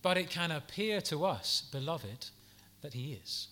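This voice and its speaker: A man preaching a sermon in an earnest, gentle, pastoral way, with soft asides and the odd restart. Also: on the high side, animated, unhurried.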